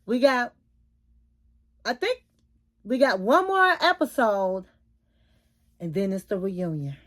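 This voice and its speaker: A woman's voice: mid-range voice, expressive, slow pace. A woman casually recapping a reality TV episode, giving blunt, opinionated takes in colloquial speech. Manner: informal, colloquial phrasing. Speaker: YouTube reality TV commentator.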